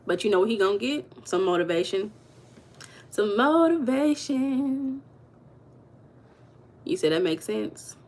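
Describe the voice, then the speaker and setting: A woman's voice: lowish voice, a little mellow. Chatty woman gossiping on a livestream. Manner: chatty, gossipy, reads chat aloud. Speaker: livestream host. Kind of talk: casual livestream chat with viewers.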